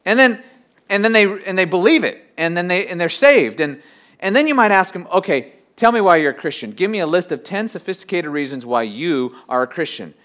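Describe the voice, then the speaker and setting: A pastor preaching a sermon, swinging between loud emphasis and quiet, low asides. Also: male voice, very animated, brisk.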